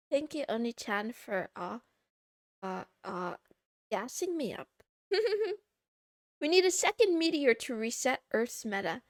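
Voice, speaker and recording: A woman's voice: on the high side, sing-song, slow pace, pauses often, dry recording, clean studio sound. A woman VTuber chatting casually on a live stream, giggling, teasing herself and reading viewer messages aloud. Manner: giggly, self-mocking, reads chat aloud.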